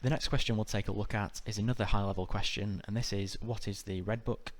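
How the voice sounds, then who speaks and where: A British exam tutor with a fairly low voice narrates a scripted exam-prep lesson in a measured, even, methodical way.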